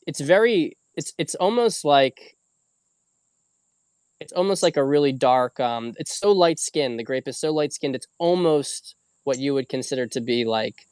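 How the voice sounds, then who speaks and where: A man's voice: mid-range voice, lively intonation, moderate pace, darkish tone, clean tone, no room sound. A man hosting a casual livestream, rambling loosely with frequent fillers and the odd swear word. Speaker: host.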